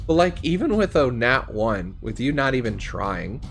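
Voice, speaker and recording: A man's voice: mid-range voice, very animated, normal speed, gravelly, soft background music. A young man running a tabletop game as game master, narrating casually with many fillers.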